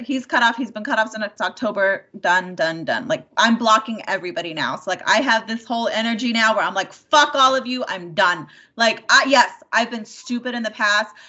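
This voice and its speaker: A woman in her thirties in casual chat, telling a dating story in a rambling, animated way, full of "like" and swearing. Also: fairly high pitch. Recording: dull lo-fi sound.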